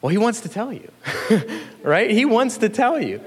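A man delivers a sermon in a relaxed, earnest, conversational manner, with a somewhat raised voice. His words ring out with a long reverb through a large room. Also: high-pitched, measured pace, husky. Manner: earnest, conversational, chuckles between points. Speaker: pastor.

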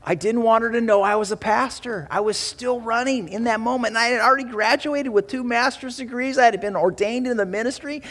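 A man preaching as pastor to his church, with an animated delivery, rising for emphasis and slowing for dramatic pauses. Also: very high-pitched, long reverb tail. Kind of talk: sermon. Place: church sanctuary.

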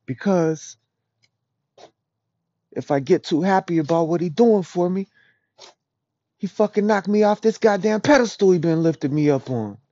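Dude venting alone into a cheap mic, cussing a lot, kinda high voice, dull dry sound. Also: male voice, dark tone. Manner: emotional, profane, rambling, often murmuring low. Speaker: podcast host. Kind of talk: raw confessional monologue.

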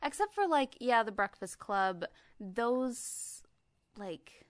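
A woman's voice: on the high side, lively intonation, slow, no room sound, clean studio sound. A young American woman co-hosting a podcast, chatting casually and trailing off with lots of fillers. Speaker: podcast co-host. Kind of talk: casual chat.

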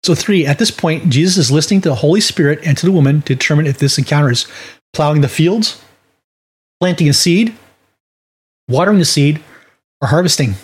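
Man, husky voice, slightly high, folksy Bible teaching, conversational restarts. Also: expressive, a little fast, pauses often. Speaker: ministry teacher. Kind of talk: teaching a Bible lesson on evangelism.

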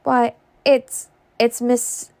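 A sweet, gushing young Southern lady, put on by a woman reading aloud, her voice lifting high and bright with eager warmth. The tone stays gravelly underneath. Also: little pitch movement, extremely slow, heavily acted.

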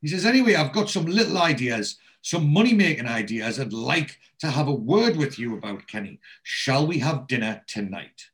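A man's voice: mid-range voice, sing-song, moderate pace, few pauses, a bit bright. A man casually recapping a TV episode, quoting the characters' lines with frequent ums and restarts.

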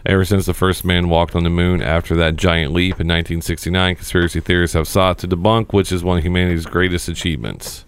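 Deep, smooth-voiced man hosting a chat. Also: flat delivery, fast, few pauses. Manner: swears freely, reads items aloud. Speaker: podcast host. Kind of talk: casual chat.

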